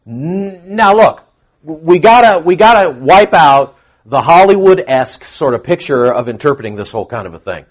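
A middle-aged man preaching a verse-by-verse sermon, moving between quiet explanation and loud, emphatic bursts. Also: fairly high pitch, animated, moderate pace. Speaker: pastor. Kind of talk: expository sermon.

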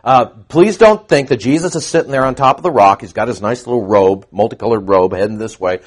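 A middle-aged man preaching a verse-by-verse sermon, moving between quiet explanation and loud, emphatic bursts. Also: medium pitch, expressive, brisk. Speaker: pastor. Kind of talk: expository sermon.

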